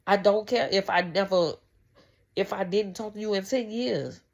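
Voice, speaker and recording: A woman vlogger at medium pitch and normal speed chats to camera about faith and family. It's casual and heartfelt, rambling along with many restarts.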